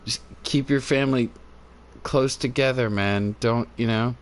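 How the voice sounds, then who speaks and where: A man chatting casually on a livestream into a phone, laughing often and talking in loose, halting, filler-filled sentences. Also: mid-range voice, steady tone, a little hiss or hum. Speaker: live streamer. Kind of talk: rambling casual chat. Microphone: phone on a cord.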